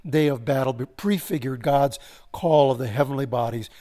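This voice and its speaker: A man preaching a sermon, swelling to emphasis and slowing into solemn pauses. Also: medium pitch, mellow. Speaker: pastor.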